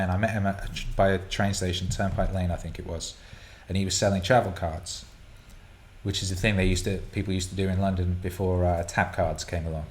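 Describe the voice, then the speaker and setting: A man hosting a show, answering listener questions in a casual, rambling way, swearing freely and restarting his sentences often. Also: sits low.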